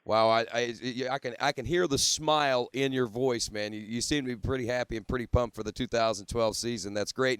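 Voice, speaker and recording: A male radio host of middle pitch leads an interview with keen enthusiasm. His voice is smooth and clear. The sound is dry and close. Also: brisk, no room sound. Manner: enthusiastic, friendly, says "man" often. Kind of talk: interview hosting.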